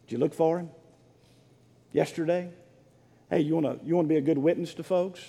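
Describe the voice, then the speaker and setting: A man preaching a sermon as pastor, fervent and swelling into shouts, calling for responses from the congregation. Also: on the high side, fairly even intonation, brisk, breathy edge. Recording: long reverb of a large hall.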